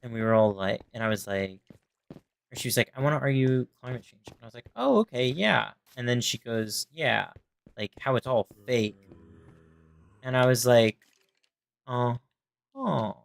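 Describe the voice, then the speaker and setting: A man's voice: mid-range voice, steady tone, measured pace, long pauses, clean tone, no room sound. A young man livestreaming a game, chatting to his viewers and rambling through stories where he acts out the people he quotes. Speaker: gaming livestreamer. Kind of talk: casual chat while gaming.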